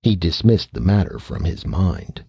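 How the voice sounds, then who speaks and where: A man's voice: very animated, a little slow, creaky, warm tone, breathy edge, no room sound. A man reading a science fiction short story aloud as an audiobook narrator, giving each character a voice of his own. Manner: reads every character's lines himself, lifting his pitch for children and the mother.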